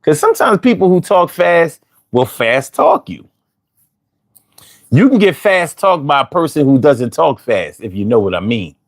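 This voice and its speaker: A man hosts a casual livestream, taking his time with every phrase in an unhurried drawl. His pitch swings up and down freely as he reacts to his viewers' comments. The tone stays loose and conversational, talking straight back to the chat. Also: sing-song. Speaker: livestream host.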